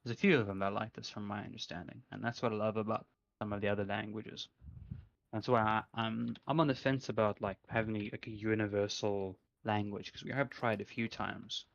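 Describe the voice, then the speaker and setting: Young male co-host, low voice, chatty and musing, muffled lo-fi mic. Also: fairly even intonation, brisk, vocal fry, a little hiss or hum. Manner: rambling, many fillers, reflective. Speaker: podcast co-host. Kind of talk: casual chat. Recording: dull lo-fi sound.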